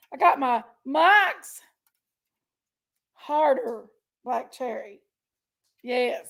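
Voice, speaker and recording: A woman hosts a casual livestream in a high, gravelly voice. She talks at an unhurried pace. She is chatty and affectionate, greeting her viewers warmly by name and with pet names. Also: animated, muffled recording. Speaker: livestream host.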